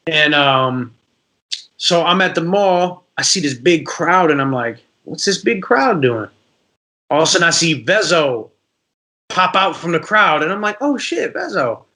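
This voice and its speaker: This man's voice is fairly high, and he keeps a measured pace. He's a rapper from Detroit appearing as a guest on a casual podcast, spinning animated stories and acting out each character's voice.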